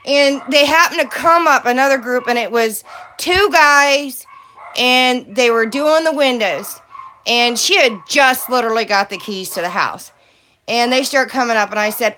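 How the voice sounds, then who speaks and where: A woman with a bright, forceful, fairly high voice, chatting while she stamps holiday cards. She rants with lots of energy and swears freely, and a faint background hiss sits under her voice. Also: moderate pace. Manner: ranting, animated, swears freely. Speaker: paper crafting vlogger.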